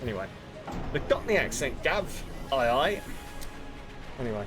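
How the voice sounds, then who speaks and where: A man's voice: mid-range voice, big pitch swings, normal speed, long pauses, a bit bright. A man streaming a video game, chatting and rambling in a self-mocking way with frequent swearing. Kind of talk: casual gaming commentary. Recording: game music clearly behind.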